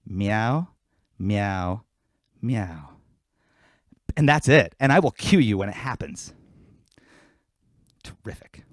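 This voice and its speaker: Heard in a dry, clean studio recording, this Queens musician speaks in a mid-range New York-accented voice at normal speed with long pauses. During his livestream he banters and jokes animatedly, then raps a comic song over a hip hop beat playing behind him.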